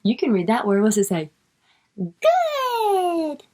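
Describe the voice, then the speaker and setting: A woman's voice: medium pitch, fast, warm tone. A woman reading a picture book aloud to young children, stretching out the words she reads and coaxing the child with questions.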